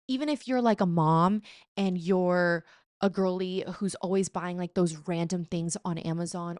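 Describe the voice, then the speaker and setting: A young woman vlogging in a chatty, animated, self-mocking way, sometimes slipping into playful put-on voices. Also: lowish voice, no room sound, studio quality. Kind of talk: casual chat.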